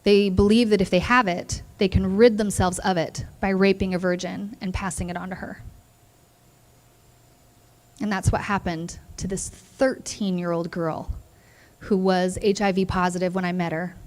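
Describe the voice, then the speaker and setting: A young woman, a therapist, giving an earnest and emotional motivational speech to students. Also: lowish voice. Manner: earnest, emotional, addresses listeners as "you guys". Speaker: keynote speaker, therapist.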